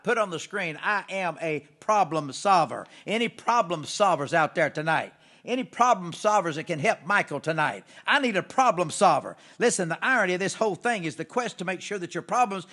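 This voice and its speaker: A man with a somewhat high voice delivers a fired-up motivational address. He hammers his points with repetition and swells into loud exhortations before dropping to quick asides. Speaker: motivational speaker hosting a live broadcast. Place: theater or studio.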